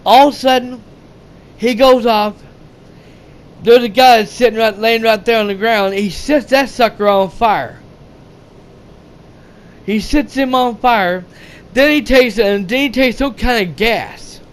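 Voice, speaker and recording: A man with a high voice recounts a film's plot in a loose, rambling recap. He stumbles through restarts and fillers, swears freely and acts out the characters' lines as he goes. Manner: rambling, halting, many fillers and restarts, profane, acts out quotes. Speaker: movie reviewer. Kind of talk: rambling casual movie recap.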